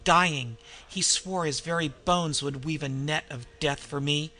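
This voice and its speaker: A man voicing a murderous, insane male innkeeper who roars and booms with mad laughter. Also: measured pace, bright, forceful tone, soft background music. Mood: manic. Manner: roaring, booming mad laughter.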